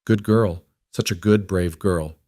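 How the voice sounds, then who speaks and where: A man's voice: sits low, a little slow, dark tone, no echo, clean studio sound. A man voicing a young mother who pleads tearfully for her daughter. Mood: tender, tearful.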